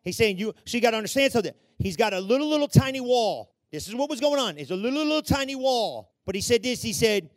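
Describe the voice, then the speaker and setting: A male preacher with a strikingly high-pitched voice delivers a fiery sermon. He swings from shouted peaks to hushed, intimate passages and acts out the voices in his story. The sound is close and dry, with no room echo. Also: sing-song, fast talker, hardly any pauses.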